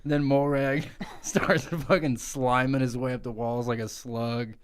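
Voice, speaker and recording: A young man carries on an absurd comic story, swearing freely and giggling between lines. His voice sits at an ordinary middle pitch, relaxed and conversational. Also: measured pace, smooth. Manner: giggly, profane, breaks into laughter. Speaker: podcast co-host.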